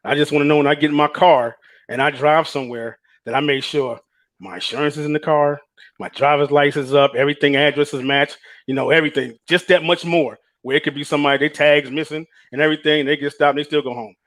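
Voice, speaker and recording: A man's voice: fairly high pitch, fairly even intonation, quick pace, a bit bright. A man on a panel, speaking earnestly and reflectively about his own experience, with many fillers. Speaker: panel guest. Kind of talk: casual chat, personal testimony.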